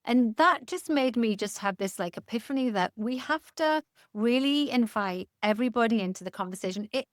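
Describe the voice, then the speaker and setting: A woman's voice: fairly high pitch, lively intonation, moderate pace, dry recording, studio quality. A woman in her fifties, a guest expert in a casual podcast interview, talking candidly with jokes and casual swearing.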